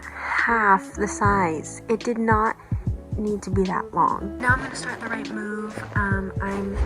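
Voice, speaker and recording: A woman's voice: mid-range voice, steady tone, slow. A young woman talking casually in a vlog diary, chatty and full of "like". She speaks at home into a phone or camera. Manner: chatty, says "like" often. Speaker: book vlogger. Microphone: camera or phone nearby. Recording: music playing behind.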